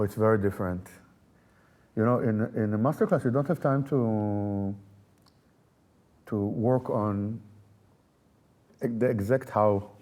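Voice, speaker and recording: A man's voice: on the low side, dark tone. A man, a festival artistic director and pianist, answering interview questions thoughtfully, with frequent fillers and repeated words.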